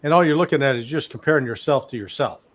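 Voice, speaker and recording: A man in his sixties, medium-pitched and quick, appears as a guest analyst in a live interview. His commentary is blunt and sarcastic, and he tells his stories with real animation.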